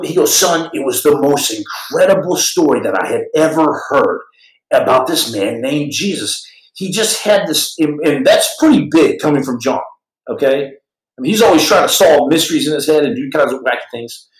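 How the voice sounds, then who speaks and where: In a poor-quality, reverberant recording, a man with a slightly high voice hosts a podcast and spins an animated tale. He performs each quoted person in a different voice, often restarting his lines and turning aside to address his audience with dramatic flair.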